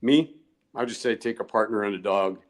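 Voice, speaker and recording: A man's voice: on the low side, normal speed. An older man, a guest researcher, telling long digressive stories in a podcast interview and chuckling often.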